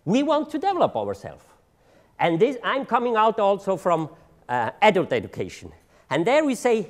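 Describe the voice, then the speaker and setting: Middle-aged man, conference speaker, high voice, swinging intonation, halting, repeats words. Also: huge pitch swings. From Switzerland. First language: German. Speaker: drug treatment agency leader giving a seminar talk. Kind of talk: conference presentation. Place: seminar room.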